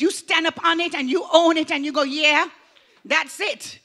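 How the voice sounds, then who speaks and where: A woman preaching a rousing sermon in a very high, bright voice. She delivers it fervently and preacherly, rising to loud declarations and dropping to hushed passages. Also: steady tone, normal speed. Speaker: pastor. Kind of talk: motivational sermon.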